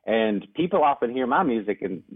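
A man's voice: medium pitch, very animated, fairly quick, husky. A young man, a jazz pianist and radio guest, telling stories eagerly and laughing often between anecdotes. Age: young adult. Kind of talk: storytelling in a radio interview. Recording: narrow phone-line sound.

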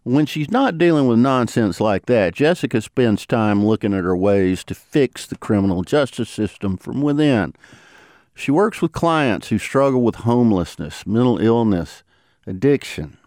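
A man's voice: normal speed, no echo, clean studio sound. A man narrating a radio story, reading a script in a conversational tone. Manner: conversational, expressive pitch. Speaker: radio reporter, host.

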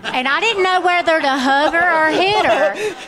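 A woman's voice: very high-pitched, a little slow, a bit bright. Woman, Southern accent, interview guest, chatty, laughs often, faint background noise. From central Florida. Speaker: singer and guest. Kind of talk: casual interview chat.

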